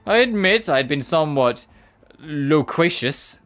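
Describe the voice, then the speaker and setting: A man voicing a sly, scheming male rat-man villain from a game, speaking slowly with over-polite theatrical flourish. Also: a little high, lively intonation, a bit bright, faint music behind. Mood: silkily polite. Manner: slow, silky, overly polite and theatrical. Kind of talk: reading game dialogue aloud with voices.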